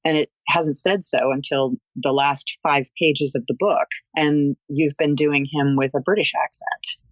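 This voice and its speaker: A woman audiobook narrator talking as a guest in an interview, articulate and expressive like a storyteller. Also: sits low, a little slow, no room sound, rough recording. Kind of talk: interview conversation.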